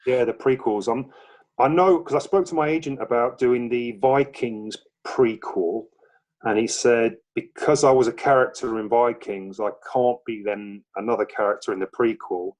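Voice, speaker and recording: A man who is an actor, talking as a podcast guest in a relaxed, rambling way with hesitant fillers. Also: mid-range voice, normal speed. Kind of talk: casual interview chat.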